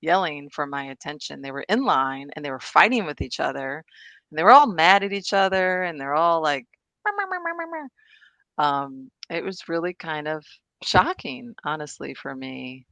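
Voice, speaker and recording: A woman's voice: low voice, normal speed, gravelly, a bit bright, no echo. A woman presenting and discussing on a video call, chatty and enthusiastic, laughing often. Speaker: guest presenter.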